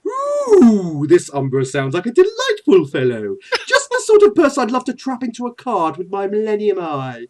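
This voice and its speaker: Man playing a flamboyant male villain, high pitched, sing-song, leering, very animated. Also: moderate pace, hardly any pauses. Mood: theatrical.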